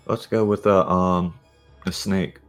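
A man playing a tabletop game, speaking in a hesitant, matter-of-fact way. His voice sits quite low. Faint music plays behind. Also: steady tone, slow. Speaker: player. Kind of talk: casual chat.

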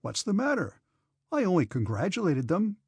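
A foolish young officer, read by a man, blurts his words out breathless and gleeful, pitched a little above the reader's own voice. The tone is husky and dry, with no room around it. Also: wildly swooping pitch, moderate pace, a little mellow, no echo, heavily acted. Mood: puzzled. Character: foolish young male officer, giddy joker.

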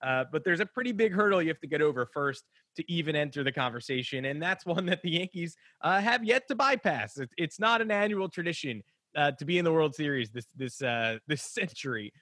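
Sports podcast co-host, male, slightly high pitch, loose jokey delivery. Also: lively intonation, fairly quick, pushed and bright, no room sound. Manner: rambling, jokey, many restarts and fillers. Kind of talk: casual sports chat.

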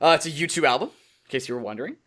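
A young man co-hosting a podcast, telling a story in casual chat and acting out quotes with a lively voice. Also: very fast. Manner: animated, acts out quotes in higher voice. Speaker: podcast co-host.

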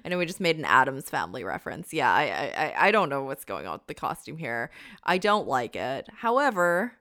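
Low-voiced playful woman co-host. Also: sing-song, fairly quick, sharp tone. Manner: playful, joking, laughs often. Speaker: podcast co-host. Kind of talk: casual chat about figure skating.

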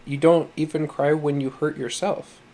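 A man reading the part of a tender, patient foster mother who speaks gently and coaxingly. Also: on the high side, fairly even intonation, moderate pace, close to an everyday voice. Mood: gentle.

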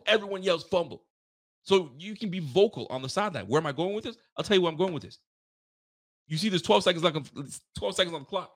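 Male sports podcast host, fired-up fan rant, swings from mutters to yells, curses freely. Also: high voice, fast talker. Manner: animated, swings into loud outbursts and yells; swears freely, talks straight to listeners. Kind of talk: casual fan commentary.

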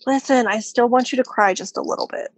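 A woman's voice: a little high, a little fast, dry recording, poor audio. A woman co-hosting a podcast, teasing and joking in casual chat. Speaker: podcast co-host.

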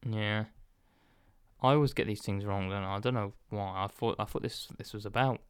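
Hesitant, apologetic low-voiced man. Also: fairly even intonation, moderate pace, clean tone, no room sound, clean studio sound. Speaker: podcast co-host. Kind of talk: casual podcast banter.

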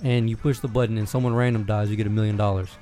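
A man's voice: lowish voice, fairly even intonation, very fast, dark tone, faint music behind. A young man hosting a casual chat, laid-back, laughing often and swearing freely.

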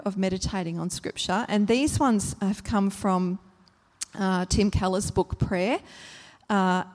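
A woman of mid pitch gives a church teaching talk in a calm, explanatory way, often pausing on um and uh. She leans on repeated phrases to stress each word in turn. Her voice carries a long hall reverb. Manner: gentle, explanatory, many ums and uhs.

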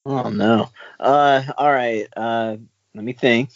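A man on a casual podcast, joking and cursing while he thinks through quiz answers out loud. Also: medium pitch, fairly even intonation, slow, dry recording. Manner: profane, joking, thinks aloud. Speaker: podcast co-host, quiz contestant. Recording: dry, dull lo-fi sound.

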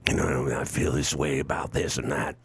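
A man putting on the voice of an aging male film star with a low, slow, weary drawl. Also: steady tone, vocal fry. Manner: low, slow mumbling impression.

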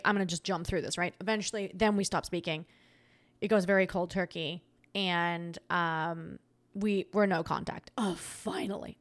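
A young woman hosts a podcast and tells her breakup story in a casual monologue. She is animated and chatty. She laughs through the telling and jumps high and loud whenever she gets worked up. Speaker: podcast host.

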